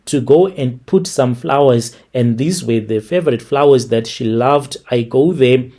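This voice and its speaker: A man with a warm, mellow voice tells a first-person story as scripted narration. His reading stays steady and plain, at an ordinary middle pitch. The delivery is measured throughout.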